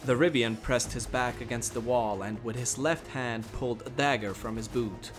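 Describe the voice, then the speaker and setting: A man reading a fantasy story aloud in a measured, steady storytelling voice. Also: medium pitch, over music. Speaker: narrator. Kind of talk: dramatic audiobook narration.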